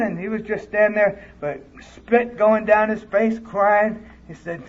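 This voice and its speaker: A man's voice: high-pitched, moderate pace, hardly any pauses. A man speaking candidly at a recovery conference, telling his story in plain, earnest words. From California. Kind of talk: personal recovery talk. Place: conference hall, live audience. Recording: dull lo-fi tape recording.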